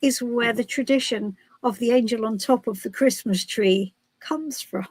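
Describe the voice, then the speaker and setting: A woman's voice: fairly high pitch, normal speed, a little mellow, no room sound, poor audio. A woman from the UK hosting a casual live stream as a tarot reader, chatty and giggly with many restarts. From United Kingdom.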